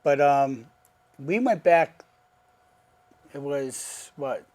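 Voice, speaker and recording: A man's voice: mid-range voice, very slow. A man casually telling a personal story, acting out the voices of the people in it. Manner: animated, acts out quoted dialogue. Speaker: guest.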